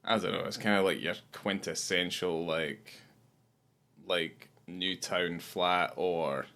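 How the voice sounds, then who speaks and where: A man's voice: low-pitched, fairly even intonation, takes it slowly, pushed and bright. A man with a Scottish accent, co-hosting a casual film podcast, loose and sweary, acting out lines from scenes. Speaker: podcast co-host.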